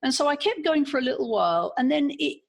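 A woman's voice: high-pitched, expressive, fast, vocal fry. A woman with an English accent, a podcast guest telling her own story frankly and earnestly, often restarting her sentences. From England. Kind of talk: personal storytelling in an interview.

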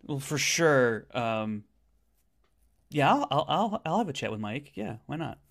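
Lively, teasing podcast co-host man. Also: a little slow, vocal fry. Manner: ribbing, swoops into high squeaky jabs. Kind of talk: casual chat.

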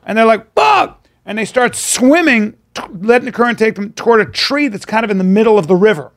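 A man's voice: sits high, fast. A man co-hosting a podcast, telling a wild story with lots of swearing and acting out the voices of the people in it. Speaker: podcast co-host. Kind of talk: animated storytelling.

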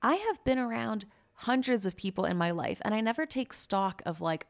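A woman's voice: a little high, big pitch swings, moderate pace, vocal fry. A woman hosting a podcast in casual, indignant and sarcastic commentary, swearing freely. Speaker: podcast host.

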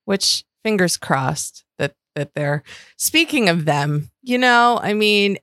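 A woman's voice: mid-range voice, expressive, slow pace, a bit bright, clear, resonant tone, dry recording, studio quality. A woman co-hosting a podcast in casual chat, talkative and chatty. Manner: chatty, reads names aloud. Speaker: podcast co-host.

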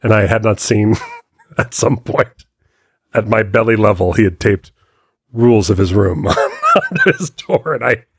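A man's voice: fairly low pitch, huge pitch swings, unhurried, breathy edge, dry recording. A man in his forties telling stories in casual podcast chat, laughing often. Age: 40s. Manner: chatty storyteller, laughs often. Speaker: podcast co-host.

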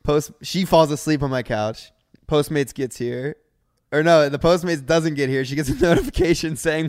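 A man's voice: a little high, moderate pace, no echo, studio quality. A young man in his twenties co-hosting a podcast, telling stories in casual chat and laughing often. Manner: laughs often, relaxed storytelling. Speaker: podcast co-host.

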